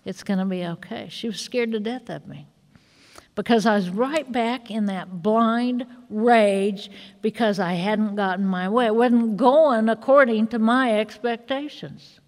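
A woman's voice: a little high, a little slow. Woman sharing her story in a reverberant hall. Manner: earnest storytelling with fillers, rising to agitated retelling. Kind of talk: personal testimony at a recovery meeting.

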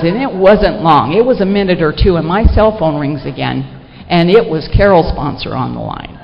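A middle-aged woman sharing a personal story with an audience at a recovery meeting, in an animated, self-mocking way with lots of fillers. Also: medium pitch. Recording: echoey hall, dull lo-fi sound, faint noise.

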